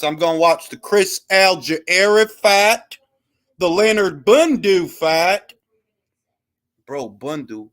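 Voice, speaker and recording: This man's voice is fairly high-pitched with a bit of brightness. Hosting a boxing talk show, he chats casually on a live stream, bantering with slang and jokes in a relaxed way.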